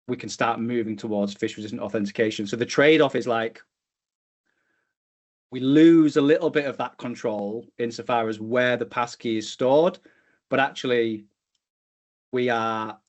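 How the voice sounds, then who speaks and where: A man co-hosting a tech podcast, explaining things in a casual way with lots of fillers and restarts. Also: medium pitch. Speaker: podcast co-host.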